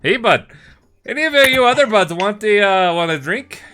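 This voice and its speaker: A man voicing a rowdy, friendly male tavern owner who shouts greetings, swears cheerfully and calls everyone bud. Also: on the high side, big pitch swings, unhurried, voice pushed up, exaggerated voice. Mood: boisterous. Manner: loud, crude, hearty, calls everyone bud.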